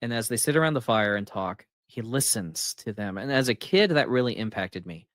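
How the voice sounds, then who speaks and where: A man casually retelling a movie scene, acting out the characters' lines with sudden jumps in pitch and chuckling along the way. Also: no room sound, studio quality. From United States. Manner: animated storyteller, acts out quotes with big pitch jumps and laughs. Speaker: author and channel host.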